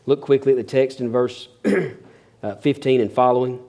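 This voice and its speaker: A man's voice: medium pitch, steady tone, moderate pace, darkish tone. A man preaching a sermon, telling funny stories in a folksy way, chuckling often and stumbling over restarts. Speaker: pastor. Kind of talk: sermon with humorous storytelling.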